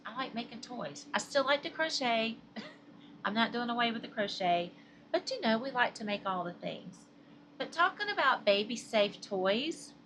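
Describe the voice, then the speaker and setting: Chatty Southern woman with a bright voice. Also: on the high side, slight background noise. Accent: Southern American. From Southern United States. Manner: chatty and rambling, laughs often. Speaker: crochet vlogger. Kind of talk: casual chat to viewers.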